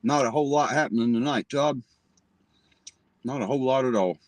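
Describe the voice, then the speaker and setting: A man's voice: mid-range voice, a little fast, dry recording, low-quality recording. A man hosting a live stream, joking casually with viewers and greeting them by name while he eats. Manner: eats and talks between bites. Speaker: livestream host.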